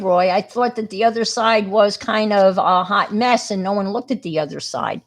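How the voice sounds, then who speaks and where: A woman's voice: medium pitch, moderate pace, hardly any pauses. A middle-aged woman with a New York accent, chatting casually with viewers on a crafting livestream and greeting them by name.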